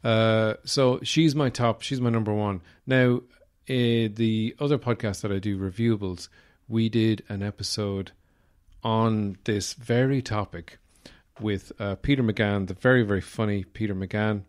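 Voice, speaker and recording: A man's voice: on the low side, fairly even intonation, measured pace, smooth. An Irish man hosting a podcast, rambling through a wry comic monologue with lots of fillers. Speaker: podcast host. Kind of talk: casual comedic monologue.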